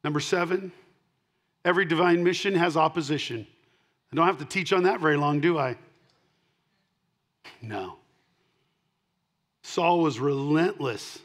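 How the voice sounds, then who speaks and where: Preaching an unhurried sermon with frequent pauses, a middle-aged male pastor speaks in a voice on the high side. He alternates loud, emphatic punches with quiet asides and repeats key lines for emphasis.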